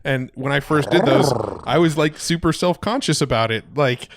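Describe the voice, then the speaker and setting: A man's voice: on the high side, expressive, moderate pace, dry recording. A man co-hosting a casual podcast, rambling and laughing easily. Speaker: podcast co-host.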